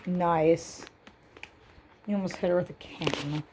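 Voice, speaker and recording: A woman's voice: on the low side, steady tone, takes it slowly, background noise. A woman co-hosting a casual home video with her partner and their cats, teasing him and cooing at the pets. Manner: teasing, coos baby talk at the cats. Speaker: co-host, cat owner.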